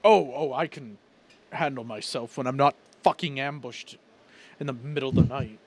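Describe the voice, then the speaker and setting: A man's voice: medium pitch, vocal fry. A man voicing a weary tattoo-artist runaway. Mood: indignant. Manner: earnest, a little hurried. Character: weary male tattoo artist fleeing a guild.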